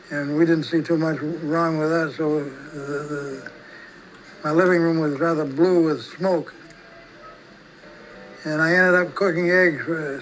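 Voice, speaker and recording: An older man telling a personal story in a relaxed, rambling way, often restarting his sentences. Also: on the high side, rough recording. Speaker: storyteller recalling his past. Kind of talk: casual spoken reminiscence.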